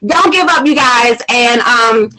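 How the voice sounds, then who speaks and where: Woman, host, high voice, tearful, laughing, rambling casual talk. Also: unhurried, sharp tone, rough recording. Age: adult mother. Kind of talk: casual live-stream chat.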